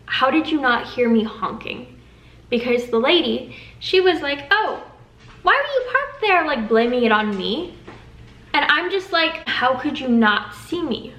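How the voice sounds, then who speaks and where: A woman in her twenties casually telling a storytime vlog, lively and quoting others in a raised voice. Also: fairly high pitch. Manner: animated, quotes people in a raised voice. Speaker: vlogger. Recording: echoey room.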